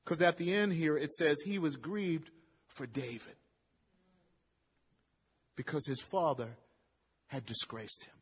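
A high-voiced, husky man delivers a sermon, chatting through scripture and then pressing hard on the key lines. The recording is dull and lo-fi, and his voice rings out with the long reverb of a large hall. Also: slow, pauses often. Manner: conversational preaching, quoting scripture with rising emphasis. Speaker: pastor.

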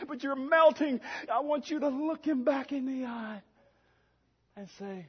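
A man preaching a sermon in a church, swinging between shouting and hushed asides and laughing at his own lines. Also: very high voice, animated, takes it slowly, long pauses, husky. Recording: long hall reverb, dull lo-fi sound.

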